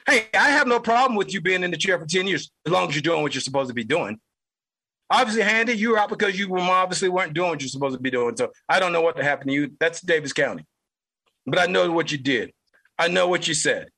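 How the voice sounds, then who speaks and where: A man's voice: fairly high pitch, animated, fast, creaky, bright, forceful tone, slightly rough, rough recording. A man hosting a political podcast, delivering an angry, heated monologue and repeating lines for emphasis. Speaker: podcast host.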